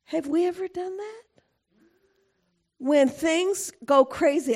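A middle-aged woman preaching a sermon in an animated way, acting out quotes and laughing often. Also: extremely high pitch, slow.

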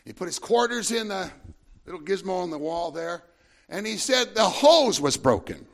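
A man's voice: high voice, lively intonation, normal speed. A man preaching a sermon, telling a long anecdote in a rambling way with frequent asides to the congregation. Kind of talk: sermon storytelling.

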